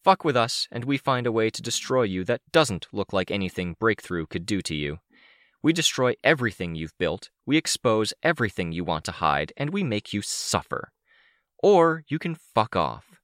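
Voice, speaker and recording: A man's voice: fairly low pitch, sing-song, normal speed, a bit bright, no echo, studio quality, voice pushed up. A man voicing a young woman who threatens an enemy fiercely and bluntly, in an audiobook.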